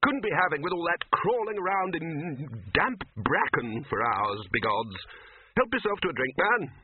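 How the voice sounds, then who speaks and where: A man voicing a bluff, hearty elderly wizard chief who speaks in brusque, booming exclamations. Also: big pitch swings, moderate pace, narrow, tinny audio, a little hiss or hum.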